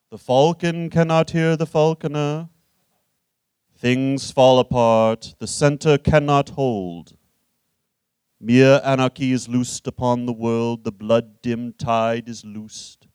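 A man's voice: medium pitch, darkish tone, smooth, no echo, lightly acted. A man playing a jovial, boastful old Irish poet with an Irish accent, on a live comedy stage, swinging between cheeky bragging and ponderous recitation. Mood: ponderous, solemn. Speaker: guest. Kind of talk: live comedic character performance.

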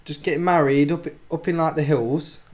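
A man's voice: fairly high pitch, fairly even intonation, moderate pace. A young man in a casual podcast chat, mumbling with lots of fillers. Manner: mumbling, uses fillers like "like" and "I don't know".

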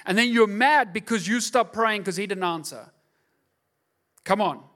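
Bright-voiced pastor preaching casually. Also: male voice, high voice, measured pace. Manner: conversational and joking, asks the crowd "right?". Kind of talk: sermon.

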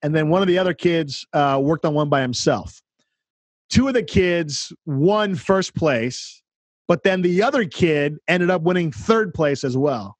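Guy on a podcast, pretty high voice, dry close sound, gets all worked up telling his story and doing the other people's lines. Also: unhurried, dry recording. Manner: excited, animated storyteller acting out dialogue. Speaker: podcast co-host, counselor. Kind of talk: casual chat, storytelling.

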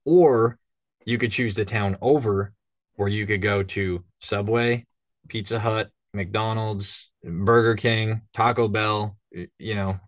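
Speaking slowly in a lowish voice with fairly even intonation, this northern Minnesota man, a hunting guide, rambles through stories in casual podcast conversation, doing voices as he goes. The sound is clean studio audio without echo.

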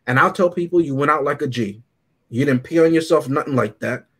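Animated storytelling man, slightly high voice. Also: a little fast, breathy edge. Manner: animated storyteller, laughs often. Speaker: podcast co-host reviewing a movie. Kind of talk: casual chat.

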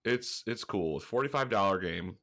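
Deep-voiced congested man chatting casually. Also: animated, a little fast, creaky, pushed and bright. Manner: rambling, swears freely, laughs often. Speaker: podcast co-host. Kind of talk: casual gaming podcast chat.

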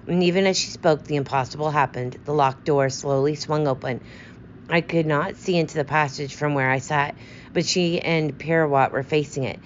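A woman reading a story aloud as its narrator, in a steady, measured way. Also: low-pitched, dull audio, slight background noise. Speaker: audiobook narrator. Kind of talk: scripted narration.

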